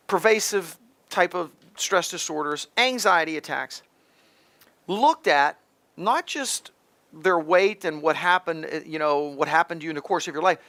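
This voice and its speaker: A man's voice: a little high, pushed and bright. A middle-aged man hosting a health advice talk, speaking emphatically and straight to the listener, often restarting his sentences. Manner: emphatic, repetitive restarts, talks directly to the listener. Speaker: host, pharmacist.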